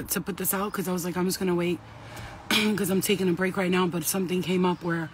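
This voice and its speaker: A woman's voice: fairly low pitch, a little hiss or hum. A woman in her thirties, sweaty and shaken, giving an urgent, blunt and profane talk to camera as a vlogger.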